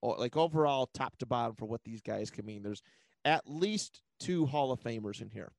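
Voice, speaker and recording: A man co-hosting a casual sports podcast, animated and quick to laugh. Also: medium pitch, creaky, no room sound. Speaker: podcast co-host.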